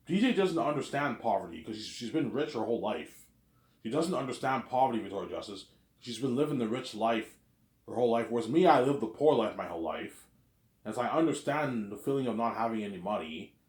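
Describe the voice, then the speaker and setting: A man telling a story in a casual, rambling monologue, often repeating "you know what I'm saying". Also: medium pitch. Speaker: vlogger. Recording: roomy echo.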